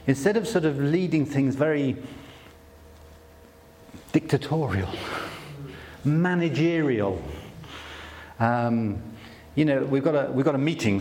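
A man speaking at a conference, telling stories in a relaxed, self-deprecating way. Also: mid-range voice, big-room sound. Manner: conversational, self-deprecating storytelling with many restarts. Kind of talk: sermon-style talk.

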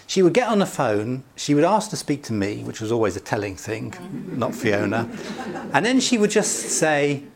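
A middle-aged man delivers a relaxed, conversational sermon in a voice pitched a little above the usual. He keeps it chatty and jovial, chuckling often and sprinkling in asides. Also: moderate pace, crowd noise. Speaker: pastor.

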